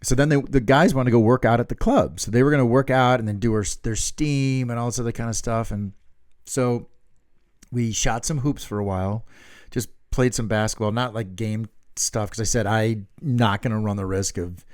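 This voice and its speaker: A man's voice: medium pitch, normal speed, a little mellow, no echo, studio quality. A middle-aged man co-hosting a podcast, telling a rambling, swear-filled story in casual chat. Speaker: podcast co-host.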